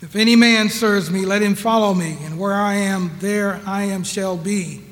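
Man, preacher, high voice, emphatic sermon, reverberant hall. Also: fairly even intonation, a bit bright. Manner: slow, emphatic preaching with repeated rhetorical questions.

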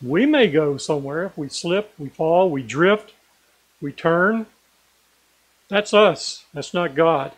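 An earnest, animated man preaches a sermon in a slightly rough voice pitched a bit higher than most men's. When reading scripture and driving points home, he slows down and stresses key words. The recording quality is low.

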